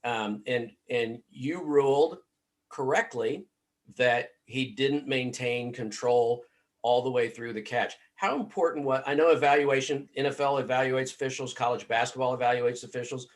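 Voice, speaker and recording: A man's voice: medium pitch, normal speed. A man hosting a sports podcast, asking questions in a chatty, easygoing way. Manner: chatty, laughs easily. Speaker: podcast host. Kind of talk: conversational interview.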